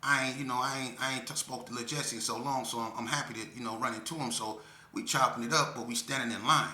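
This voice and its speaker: Man storytelling casual, lively then quiet and sad, roomy echo. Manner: animated, drops low and slow when grieving. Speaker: storyteller vlogger. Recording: echoey room.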